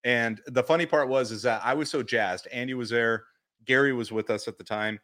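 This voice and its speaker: A man co-hosting a casual podcast chat, telling stories animatedly and acting out quotes. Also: fairly quick. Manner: animated storyteller, acts out quotes in high voices. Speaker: podcast co-host.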